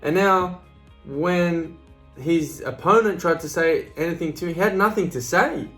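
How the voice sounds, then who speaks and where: A man's voice: on the high side, a little slow, fairly bright tone, soft background music. Blunt, swearing motivational man. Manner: blunt, swears freely, repeats "right?" and "you know". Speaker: motivational speaker. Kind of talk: casual motivational talk to camera.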